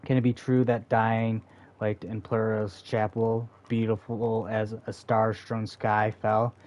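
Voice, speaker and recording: A man's voice: on the low side, level tone, slow, a little mellow, lo-fi sound. A man reading aloud the lines of a proud, bitter forest seer who is a mother, in a stern, defiant, dismissive manner. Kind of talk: reading game dialogue aloud.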